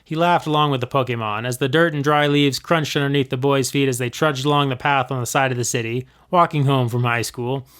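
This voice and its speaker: A man's voice: mid-range voice, steady tone, fairly quick, few pauses, a bit bright, smooth. A man reading his own old fanfiction aloud, expressively, acting out the voices.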